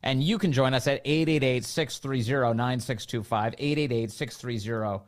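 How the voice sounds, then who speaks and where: A man's voice: medium pitch, moderate pace. A man hosting a talk radio show, sarcastic and amused, speaking into a studio microphone.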